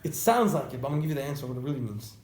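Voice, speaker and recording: A man teaching an informal religious class to students, telling stories in an animated way and repeating phrases for emphasis. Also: mid-range voice, racing. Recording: echoey room, faint background noise.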